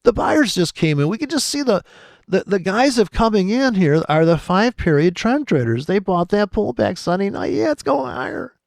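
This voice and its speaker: A man's voice: high-pitched, big pitch swings, moderate pace, creaky, no echo, clean studio sound. A man giving rambling, profane, sardonic commentary over trading charts, muttering asides and often laughing to himself. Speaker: trading video host.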